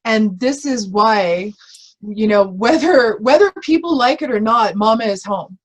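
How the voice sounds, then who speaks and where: A woman's voice: on the high side, animated, unhurried, low-quality recording. A woman who is a spiritual reverend, a guest speaking earnestly and from the heart in a casual spiritual conversation, often restarting her sentences.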